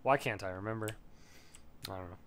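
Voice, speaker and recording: A man's voice: on the low side, a little fast, fairly bright tone, slight background noise. Rambling, foul-mouthed man gaming. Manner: rambling, swears freely, laughs often. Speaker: gamer leveling a character. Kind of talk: casual gameplay commentary.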